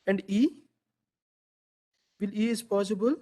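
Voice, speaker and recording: A man's voice: high-pitched, fairly even intonation, unhurried, darkish tone. A man teaching a classroom lecture, quizzing students, repeating their answers and asking "right?" again and again.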